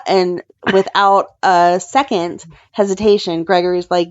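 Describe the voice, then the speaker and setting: A woman's voice: fairly low pitch, moderate pace, hardly any pauses, no room sound, lo-fi sound. A woman co-hosting a podcast, recapping a soap opera in casual chat and acting out the characters' lines as she retells scenes. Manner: animated, acts out characters' lines when retelling. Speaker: podcast co-host.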